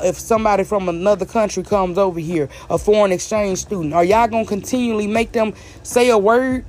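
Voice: medium pitch, darkish tone, a little hiss or hum. A vlogger from the American South with a Southern accent, delivering a blunt, emphatic opinion rant straight to the audience and hammering points home by repeating them. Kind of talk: direct-to-camera opinion rant.

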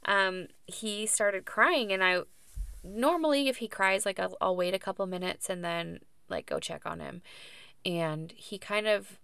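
Woman, thirties, casual storytelling, chatty, laughs a lot, slight vocal fry. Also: mid-range voice, unhurried, pushed and bright, dry recording. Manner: chatty, laughs often, many fillers. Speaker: podcast guest sharing her birth story.

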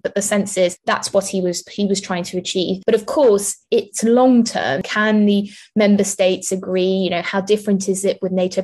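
A woman think-tank analyst giving measured, explanatory answers in an interview, with frequent restarts. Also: mid-range voice, a little mellow.

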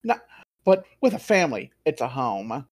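A man's voice: medium pitch, sing-song, moderate pace, darkish tone. A man playing a tabletop game, explaining his character's world in a loose, rambling way. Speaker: player. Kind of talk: tabletop role-play.

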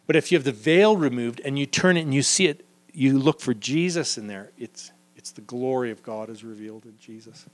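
A man giving a live Bible teaching to a group in a room, lively and acting out the people he quotes. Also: brisk. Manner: lively, acts out quoted figures with sudden pitch jumps.

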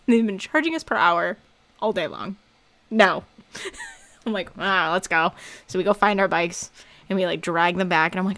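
A woman's voice: medium pitch, brisk, a bit bright. A woman co-hosting a casual chat who laughs often and acts out voices in her stories. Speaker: podcast co-host.

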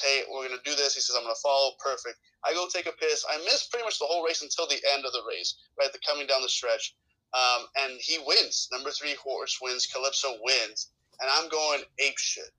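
A man with a very bright, forward voice talks sports on a podcast panel. He tells his stories with animated, salty energy, swearing freely as he rants. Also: mid-range voice, rough recording. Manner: animated, profane storytelling. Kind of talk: casual sports talk.

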